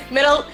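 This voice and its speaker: A woman player in a tabletop game, bubbly and excitable, laughing often. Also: extremely high pitch, poor audio. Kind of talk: casual tabletop play.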